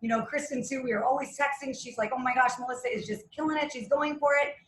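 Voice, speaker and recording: A woman's voice: sits high, fairly even intonation, fast talker, echoey room, a little hiss or hum, low-quality recording. A woman leading a team call, chatty and full of praise for her team. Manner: warm praise, chatty with fillers. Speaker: call leader.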